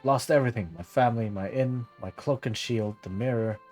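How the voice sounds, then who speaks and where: A man's voice: mid-range voice, brisk, faint music behind, close to an everyday voice. A man reading aloud the lines of a weary, curt innkeeper who has lost everything, in a game. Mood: mournful. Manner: flat read-aloud delivery of game dialogue. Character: bitter ruined male innkeeper, weary and curt.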